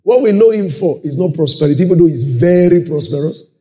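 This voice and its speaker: Brief: male pastor, slightly high, warm tone, sermon with constant "praise the Lord" asides. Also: animated, fairly quick. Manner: peppers talk with "praise the Lord" and checks listeners follow. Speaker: preacher.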